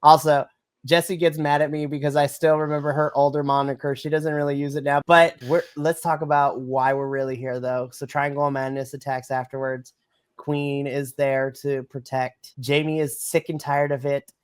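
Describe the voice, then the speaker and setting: A woman co-hosting a wrestling podcast, reviewing matches in gushing, animated casual chat that breaks into shouts of excitement. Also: low-pitched, normal speed, smooth, dry recording.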